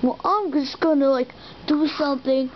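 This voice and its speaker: A woman's voice: high voice, moderate pace, natural voice. A woman voicing a snarky food court visitor who mocks and exclaims. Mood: taunting. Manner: mocking, exclaiming. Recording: dull lo-fi recording with loud hiss and clicks.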